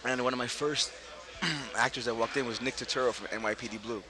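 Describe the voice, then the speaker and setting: A middle-aged man from Brooklyn, an actor being interviewed, telling stories casually and laughing often, jumping up in pitch when he quotes people. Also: a little fast, a crowd in the background. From Brooklyn, New York. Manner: animated, laughing, voices quotes with big pitch jumps. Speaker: actor, guest.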